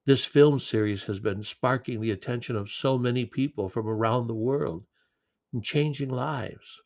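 A man preaching a sermon in an earnest, gentle way, with occasional repeated words. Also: mid-range voice, moderate pace.

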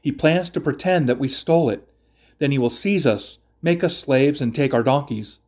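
A man's voice: medium pitch, moderate pace, a little mellow, close to an everyday voice. A man reading as anxious frightened brothers. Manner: anxious, explaining.

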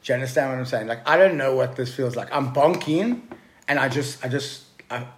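On a podcast, a male guest casually tells the host a story, swearing freely and calling him bro. He's profane and excitable, speaking briskly at a medium pitch over a little hiss or hum.

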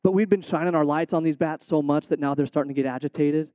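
Man, high-pitched, preaching, earnest, animated storyteller, dry sound. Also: fast talker, smooth, dry recording. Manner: earnest, animated storyteller who acts out quotes. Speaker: missionary speaking to a supporting church. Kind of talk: sermon with a personal story.

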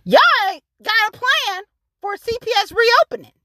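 Fiery high-voiced woman ranting. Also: expressive, normal speed, sharp tone, dry recording. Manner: fiery, cursing, repetitive and emphatic. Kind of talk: angry profane rant to camera.

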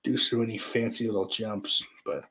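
A man's voice: on the low side, steady tone, normal speed, noisy background. Crude sarcastic man chatting to viewers. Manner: crude, sarcastic, rambling with frequent swearing. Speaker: live stream host reading chat. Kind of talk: casual profane chat.

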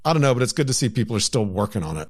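A man's voice: medium pitch, big pitch swings, very fast. A man co-hosting a podcast, chatting casually and reading news items with upbeat, emphatic rises. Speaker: podcast co-host.

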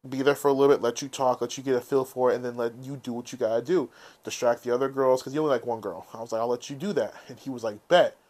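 A man co-hosting a podcast, telling stories in a casual, animated way and swearing freely. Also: mid-range voice, rapid-fire. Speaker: podcast co-host. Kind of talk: casual chat.

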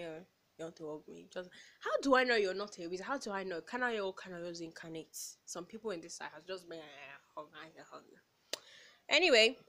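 A woman's voice: mid-range voice, a bit bright. Sassy young Nigerian woman podcaster. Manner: sassy, exasperated, filler-heavy. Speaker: podcast host. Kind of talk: casual solo podcast storytelling.

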